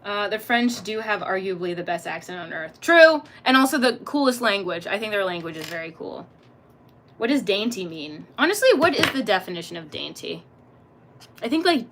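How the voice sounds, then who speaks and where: Young woman streamer, bright voice, playful and profane, laughs a lot while reading chat. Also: medium pitch, expressive, normal speed, slight background noise. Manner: swears freely, laughs often, chatty and playful. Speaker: livestream host reading chat. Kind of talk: casual livestream chat.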